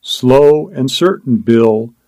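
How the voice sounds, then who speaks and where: A man voicing a lone gold prospector who talks to himself in slow, coaxing tones, weary and dogged. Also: medium pitch, dark tone, no room sound, natural voice. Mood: crooning. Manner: slow, coaxing self-talk.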